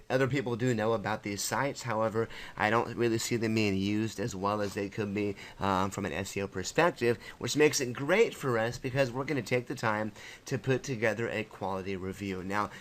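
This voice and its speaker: A man's voice: lowish voice, a bit bright. A man teaching an online marketing course in a casual screen-share tutorial, rambling with many fillers and self-corrections, his voice slightly worn.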